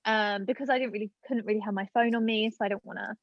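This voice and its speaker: This guest, a woman in her late twenties, shares a personal story in chatty, filler-heavy conversation. Her medium-pitched voice is steady and quick, recorded dry with lo-fi sound.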